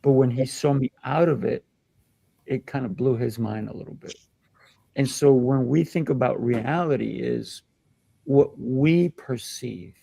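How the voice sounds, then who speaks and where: Male host, kung fu teacher, gravelly texture, dry close sound, animated storyteller. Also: medium pitch, measured pace, no echo. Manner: animated, acts out children's voices in anecdotes. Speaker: kung fu instructor and show host. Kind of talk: casual discussion, storytelling.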